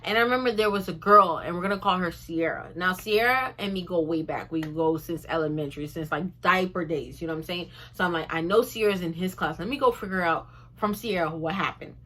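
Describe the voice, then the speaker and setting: A young woman telling a storytime in a chatty, animated way, often addressing her viewers directly. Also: fairly low pitch, brisk. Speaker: vlogger. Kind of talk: casual storytime vlog.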